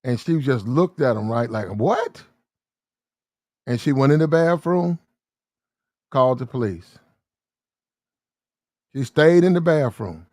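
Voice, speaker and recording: A man's voice: medium pitch, animated, no room sound, clean studio sound. A man in a casual monologue, rambling and repetitive in slangy street talk, often acting out heated arguments. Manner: quick shifts into acted-out shouting arguments.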